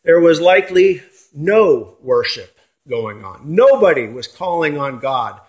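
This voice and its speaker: A man's voice: a little high, sing-song, unhurried, a little mellow. Man preaching, rising and falling emphasis. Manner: rhetorical questions to the congregation, rising and falling emphasis. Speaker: pastor. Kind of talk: sermon.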